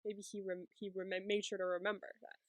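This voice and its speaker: A woman's voice: medium pitch, little pitch movement, dry recording. A woman co-hosting a podcast, chatting casually with playful, joking reactions. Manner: playful, quick reactions and jokes. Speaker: podcast co-host. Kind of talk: casual recap chat.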